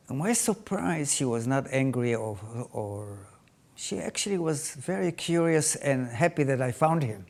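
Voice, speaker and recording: An older man tells his life story in English, haltingly, with many restarts and phrasing. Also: medium pitch, expressive, creaky, a little mellow. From Israel. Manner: halting, non-native phrasing with frequent restarts. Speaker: interviewee.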